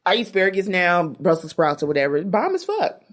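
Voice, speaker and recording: A woman co-hosting a casual gossip chat, talking with animated energy and laughing often. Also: quick pace. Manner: animated, laughing, acts out quotes in high squeals. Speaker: co-host.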